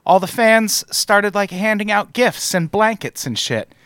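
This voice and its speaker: Sarcastic, fairly high-voiced male podcaster. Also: animated, measured pace, a bit bright, smooth, no echo, studio quality. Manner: wry, profane, sarcastic delivery. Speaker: podcast host. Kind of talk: casual chat.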